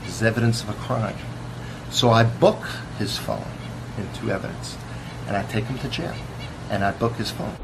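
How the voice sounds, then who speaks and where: A police officer talking casually to the camera in a boastful, contemptuous way. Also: male voice, lowish voice, moderate pace, gravelly. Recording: noisy recording.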